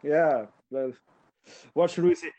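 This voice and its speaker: A man's voice: fairly high pitch, slow, mellow. A man hosting a casual football discussion who moves the talk along and puts questions to the panel. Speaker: podcast host. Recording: dull lo-fi audio.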